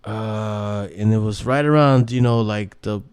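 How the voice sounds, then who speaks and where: Man, casual rambling host, profane, smooth voice, dry close sound. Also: fairly low pitch, a little slow, darkish tone, no room sound. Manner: rambling, profane, many restarts and fillers. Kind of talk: casual monologue.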